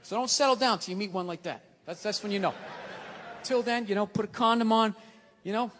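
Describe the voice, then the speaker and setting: A man's voice: high-pitched, a little fast, fairly bright tone, slight background noise. A man doing a stand-up routine on stage, ranting in a profane, exasperated way. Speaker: stand-up comedian. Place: large live venue. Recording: live hall with audience.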